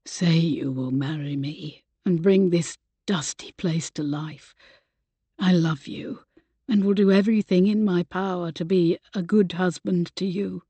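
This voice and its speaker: A woman voicing an earnest Regency gentleman who is no longer young, speaking softly and with heartfelt gentleness. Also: fairly low pitch, a little slow, no room sound. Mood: husky pleading. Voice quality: soft and husky.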